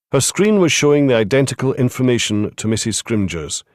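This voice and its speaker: A man narrating a crime audiobook in a measured, even way. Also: medium pitch, no room sound, studio quality. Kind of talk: scripted narration.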